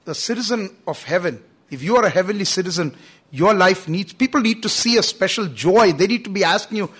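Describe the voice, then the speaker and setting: High-voiced man preaching earnestly. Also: animated, a little fast, a bit bright, husky. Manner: earnest, emphatic preaching with frequent "you know". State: coughing at times. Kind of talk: sermon.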